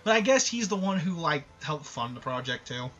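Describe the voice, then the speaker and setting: A man's voice: a little high, very animated, moderate pace, fairly bright tone, highs cut off, soft background music. A man giving casual, sarcastic, rambling commentary over a game. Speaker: gameplay commentator.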